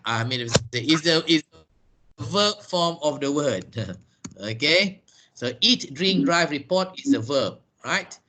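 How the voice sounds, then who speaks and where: A man's voice: fairly high pitch, expressive, slow, sharp tone, slight background noise. A man teaching an online lesson over a video call, spelling words out letter by letter and drilling pronunciation. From Malaysia. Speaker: English teacher.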